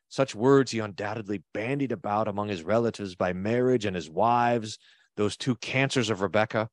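A man's voice: on the low side, normal speed, no echo, clean studio sound. A man, a pastor, reads an old text aloud and stops to comment on it, leaning hard on key words. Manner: expressive reader who leans hard on key words.

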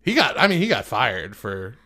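A man's voice: medium pitch, sing-song, normal speed, vocal fry, pushed and bright. A man co-hosting a morning radio show, joking and laughing often in casual banter.

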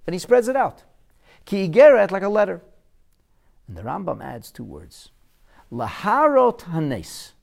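A man in his forties teaching a Torah lesson, puzzling aloud and asking rhetorical questions as he explains the sources. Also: medium pitch. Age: 40s. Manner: animated, quizzical, asks rhetorical questions.

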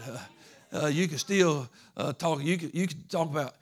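A man's voice: a little high, fast. A middle-aged man with a Georgia Southern accent preaching a sermon in an earnest, folksy way, often repeating words.

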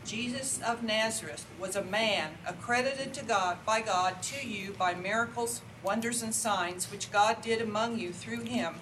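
A woman in a class group reading scripture aloud with a steady, even delivery. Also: medium pitch, a little slow, hardly any pauses. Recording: distant voice with noticeable hiss.

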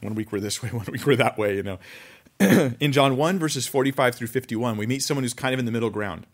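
A man preaching a conversational sermon, reading scripture aloud and commenting with animated asides. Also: medium pitch, brisk. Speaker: pastor.

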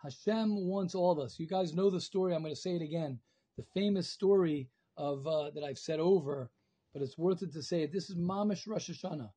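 A man teaching former students in a storytelling sermon, animated and repeating phrases for emphasis, swinging from loud and high to soft. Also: moderate pace, husky. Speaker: rabbi teaching alumni.

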